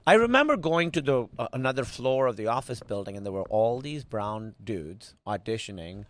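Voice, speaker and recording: A man's voice: medium pitch, animated, moderate pace, slight background noise. A man from Pakistan, a comedian guest telling stories in a casual podcast interview, rambling with restarts and fillers.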